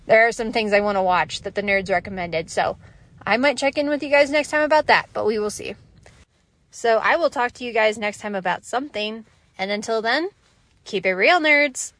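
A woman's voice: mid-range voice, fairly bright tone, no room sound. A woman host talking casually about a show, rambling with many fillers and restarts. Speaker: podcast host. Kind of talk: casual review monologue.

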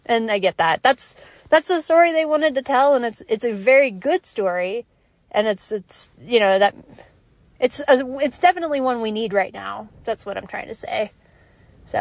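Woman, fairly high voice, dry close sound, casual rambling talk. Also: no echo. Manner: chatty, rambling, many fillers and restarts. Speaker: podcast host. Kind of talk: casual review monologue.

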